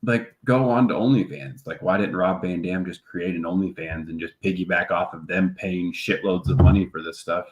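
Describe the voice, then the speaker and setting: A man's voice: sits low, normal speed, few pauses, highs cut off. A man co-hosting a casual podcast, joking and swearing, who often laughs mid-sentence. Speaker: podcast co-host. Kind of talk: casual chat.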